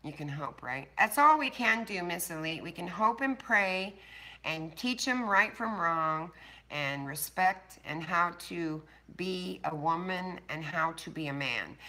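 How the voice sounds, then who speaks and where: A woman's voice: lowish voice, lively intonation, measured pace, pushed and bright. An older woman hosting a casual livestream, chatting bluntly and swearing freely with her viewers. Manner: blunt, profane, talking straight to chat viewers. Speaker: livestream host. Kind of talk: casual live-stream chat.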